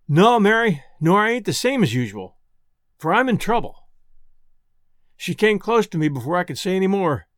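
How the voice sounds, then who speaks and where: A man's voice: high-pitched, no echo, studio quality. A man narrating a first-person storybook tale in folksy, rustic dialect. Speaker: audiobook narrator.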